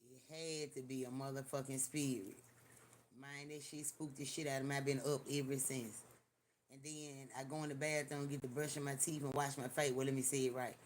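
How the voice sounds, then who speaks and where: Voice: medium pitch, normal speed, a little hiss or hum. Older livestream host, chatty storyteller, cusses freely, addresses the viewers directly. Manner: animated, profane, talks straight to viewers. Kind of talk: casual live-stream storytelling.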